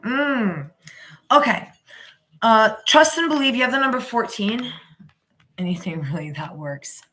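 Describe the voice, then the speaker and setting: A woman's voice: on the high side, animated, measured pace, bright, forceful tone. A woman giving a casual live tarot reading, rambling and emphatic, with frequent restarts. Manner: rambling, with many restarts and repeated "you know"; emphatic and encouraging. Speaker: tarot reader.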